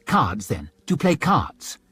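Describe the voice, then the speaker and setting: A man's voice: medium pitch, huge pitch swings, a little slow, sharp tone, slightly rough, dry recording, faint music behind, full character voice. A man voicing a self-mocking young crown prince with a flippant, boyish manner. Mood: eager.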